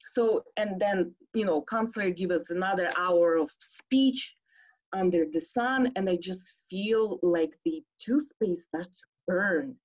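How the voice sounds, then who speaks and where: A woman telling a personal story on a stage show, animated, acting out the voices she quotes. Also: lowish voice, measured pace, breathy edge. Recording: slightly dull lo-fi audio.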